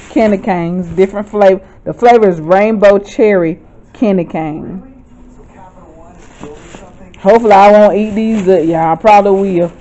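A woman, chatting excitedly to viewers at home as she shows off her shopping haul. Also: medium pitch, dull audio. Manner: chatty, excitable, keeps addressing viewers as y'all. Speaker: vlogger. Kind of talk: casual haul vlog.

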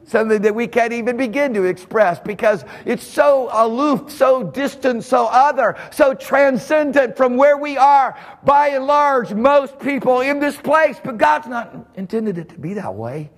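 A male pastor preaching a sermon at a church service. He preaches fervently, jumps from sudden shouts to a low, quiet voice, and chuckles between phrases. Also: lively intonation, measured pace, hardly any pauses, long reverb tail.

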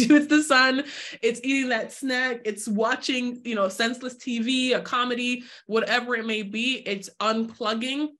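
A woman in her twenties with a mid-range, slightly bright voice speaks at a live online workshop as a summit speaker. She addresses viewers directly, asks for replies in the chat, and acts out her own inner voice in quoted asides.

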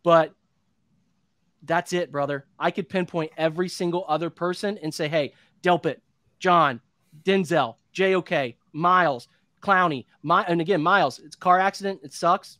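Brief: man in his thirties, higher voice, dry close sound, heated podcast rant that keeps restarting. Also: moderate pace, pushed and bright, dry recording. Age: 30s. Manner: heated, frustrated, rambling with restarts. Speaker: sports podcast analyst.

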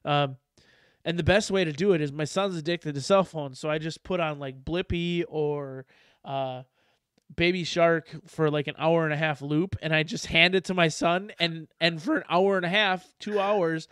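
Smooth-voiced man chatting. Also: on the high side, normal speed, a bit bright, no room sound, clean studio sound. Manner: loose, laughing, swears freely. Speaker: podcast guest. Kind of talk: casual chat.

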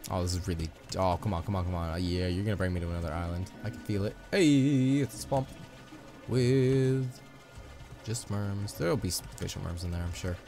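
Young guy rambling over his gameplay, lowish voice, music going behind him. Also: fairly quick, dark tone. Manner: chatty, upbeat, playful asides. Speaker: let's play host. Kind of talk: casual gameplay commentary. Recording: music playing underneath.

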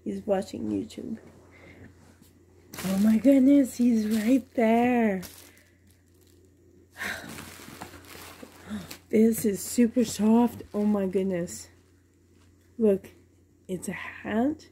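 A woman's voice: mid-range voice, drawn-out words, pauses often, dark tone, husky. A woman at home unboxing a doll for her vlog, gushing with delight and often dropping to a whisper. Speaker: reborn doll collector unboxing a doll.

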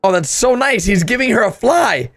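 A man hosting a casual reaction commentary in an excitable way, often bursting into loud laughter and gasps. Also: high-pitched, normal speed. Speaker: host.

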